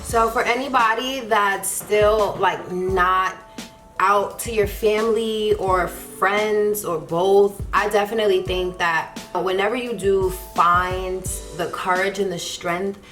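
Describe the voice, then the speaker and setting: A young adult woman co-hosting a video, speaking gently and encouragingly to viewers. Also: medium pitch, fairly even intonation, slow, soft background music. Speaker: YouTube co-host. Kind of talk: casual advice to viewers.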